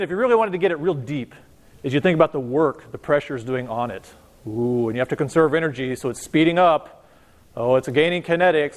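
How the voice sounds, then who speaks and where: A physics professor gives a live lecture in a high voice, joking and talking straight to his students. He sounds casual and loose. His voice rings with the long reverb of a large lecture hall. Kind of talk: university lecture.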